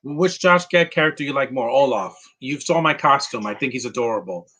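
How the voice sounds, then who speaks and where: A man talks over a movie as it plays, rambling from one gripe to the next with lots of "uh"s and false starts. His voice is bright and a bit husky, and he is blunt and opinionated throughout. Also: medium pitch, expressive, brisk, poor audio. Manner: rambling, opinionated, frequent fillers and restarts. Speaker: movie commentator. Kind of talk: casual live movie commentary.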